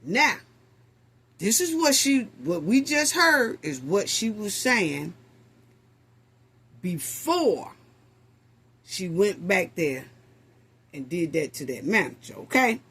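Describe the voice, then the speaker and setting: Casting note: woman host, husky and slow, reacting loudly to clips. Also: medium pitch. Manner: animated, exclaiming, addresses audience as family. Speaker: commentary host. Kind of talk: casual commentary.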